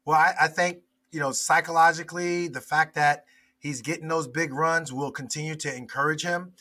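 Former player, male, guest analyst. Bright and a little high, hesitant, repeats words. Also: steady tone. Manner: hesitant, halting with many restarts. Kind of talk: casual podcast chat.

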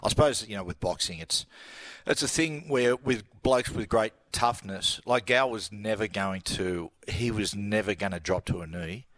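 A man's voice: on the low side, normal speed, hardly any pauses, fairly bright tone, no echo. An Australian man, a sports commentator guest, telling a laughing story in casual radio chat. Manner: yarn-spinning, laughing storyteller.

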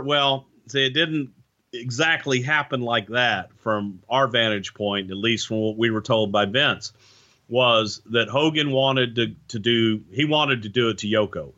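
Man, podcast guest, bright tone, rambling storyteller, dull lo-fi sound. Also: on the low side. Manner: rambling, frequent you-knows and restarts. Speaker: former wrestling insider guest. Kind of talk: casual podcast recollection.

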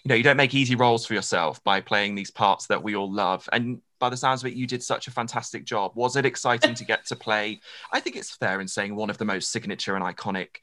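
A male podcast host with a lowish voice that still comes across bright and forceful. He talks quickly and effusively, piling on praise in a casual interview chat.

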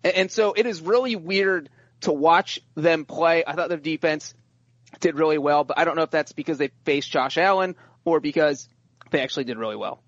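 A man co-hosting a podcast, chatting in an animated way and often repeating his first words. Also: on the high side, normal speed, dry recording, dull audio. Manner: animated, repeats words when starting sentences. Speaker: podcast co-host. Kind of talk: casual sports chat.

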